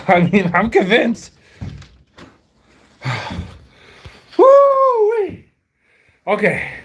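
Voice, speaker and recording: A man's voice: fairly high pitch, very animated, slow pace, husky, poor audio. A man, vlogging on a phone as he walks outdoors, rambling and joking with mock-outraged outbursts. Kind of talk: joking vlog while walking in snow. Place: outdoors in snowy wind. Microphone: phone held while walking. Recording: loud wind noise on phone mic. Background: wind.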